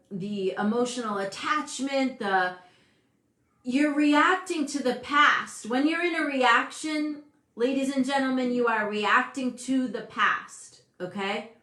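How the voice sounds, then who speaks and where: A woman in her fifties hosting a casual motivational talk, animated and emphatic, often breaking off mid-sentence. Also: fairly high pitch. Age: 50s. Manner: animated, emphatic, self-interrupting. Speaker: host. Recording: echoey room.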